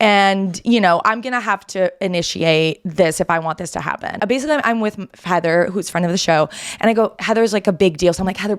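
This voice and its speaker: Animated woman telling a story. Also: mid-range voice. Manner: animated storytelling, self-deprecating, quick asides. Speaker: podcast host. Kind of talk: casual chat.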